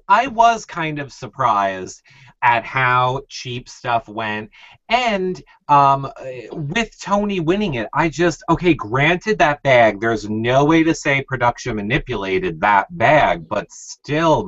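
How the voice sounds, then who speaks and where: A man's voice: medium pitch, sing-song, takes it slowly, fairly bright tone, dry recording. A man hosting a casual recap chat, opinionated and passing turns to his co-hosts. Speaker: recap show host. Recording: slightly muffled dry audio.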